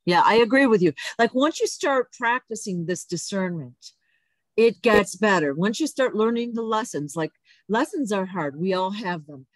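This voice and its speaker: A woman's voice: mid-range voice, animated, moderate pace, no room sound. A woman hosting a casual spiritual interview, supportive and affirming her guest often. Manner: supportive, frequent affirming backchannels. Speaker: host.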